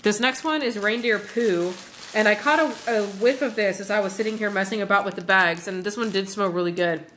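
A woman's voice: mid-range voice, a little fast, a bit bright. A woman chatting casually at home in a haul vlog, rambling with lots of fillers as she sniffs and reviews wax melts, with a faint hiss behind her.

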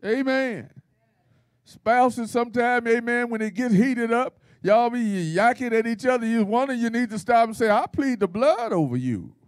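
A man's voice: very high-pitched, fairly even intonation, moderate pace, clear, resonant tone, dry recording, clean studio sound. A man preaching at a Bible study in a folksy, playful style, with call-and-response and laughter. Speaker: pastor.

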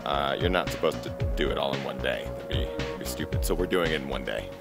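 Deep-voiced joking young guy vlogging outdoors. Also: fast talker, over loud music. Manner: self-mocking, jokey, sometimes hushed. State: out of breath at times. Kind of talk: jokey travel vlog. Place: outdoors on a canyon rim. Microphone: handheld camera selfie.

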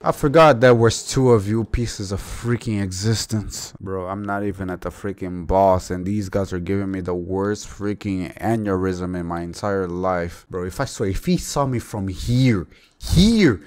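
A man giving gameplay commentary, exasperated, swearing and loudly exclaiming at the game. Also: fairly low pitch. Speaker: gamer.

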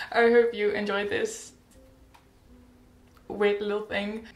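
A woman's voice: mid-range voice, wildly swooping pitch, extremely slow, fairly bright tone, echoey room, faint music behind. A teenage girl chatting casually in a rambling, bubbly update vlog, often laughing and correcting herself. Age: teens. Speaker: vlogger.

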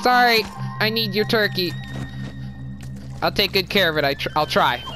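A woman giving casual let's-play commentary, chatty and apologetic, quick to exclaim at what happens on screen. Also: medium pitch, lively intonation. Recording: game music behind voice.

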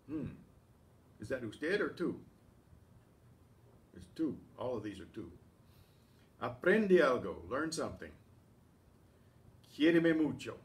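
A man teaching a language lesson, reading Spanish example sentences, then explaining them in English and often clearing his throat. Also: mid-range voice, recorded from a distance. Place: classroom or community center room.

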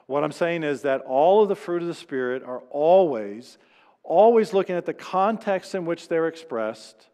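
A man's voice: fairly high pitch, expressive, moderate pace, mellow. Conversational male pastor in a reverberant church. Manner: conversational preaching with acted-out quotes. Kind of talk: sermon. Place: church sanctuary.

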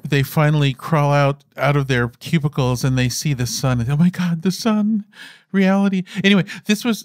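A man's voice: medium pitch, no echo, clean studio sound. A man in his fifties, an interview guest telling stories in a rambling way, with many restarts and fillers. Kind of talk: conversational storytelling on stage.

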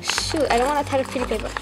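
A teenage girl from Malaysia, gushing excitedly as she unboxes fan mail at home. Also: high-pitched. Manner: gushing, excitable fangirling with many "oh my gosh". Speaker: vlogger.

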